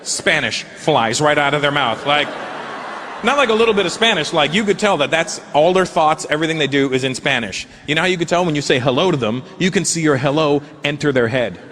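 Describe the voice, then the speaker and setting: A middle-aged man performs stand-up live, his voice a touch high and swinging widely in pitch as he acts out characters. He swears casually and keeps the energy up. The live recording carries clear background noise. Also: fairly quick. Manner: animated, mimics accents and characters, swears freely. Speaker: stand-up comedian. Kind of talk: stand-up comedy set. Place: large comedy venue with live audience. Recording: noisy live show with crowd ambience.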